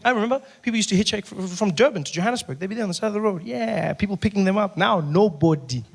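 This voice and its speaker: A man's voice: high-pitched, rapid-fire, creaky. A man with a South African accent doing stand-up comedy on stage, telling stories and acting out voices. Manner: animated, acts out voices.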